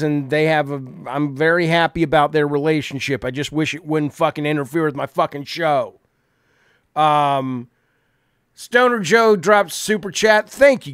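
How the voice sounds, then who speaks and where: Guy ranting on his stream, swears a ton, slightly high voice, goes from mumbling to yelling, dry sound. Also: dry recording. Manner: swings from low mumbling asides to loud indignant outbursts; heavy swearing. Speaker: livestream host. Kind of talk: profane livestream rant.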